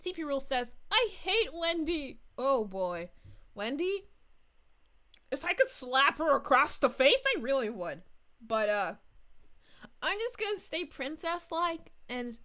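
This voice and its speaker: A woman's voice: sits high, sing-song, measured pace, a bit bright, heavily acted. A woman voicing a bubbly, giggly young princess as a VTuber, reading chat aloud on a livestream with gushing chatter. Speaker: VTuber streamer.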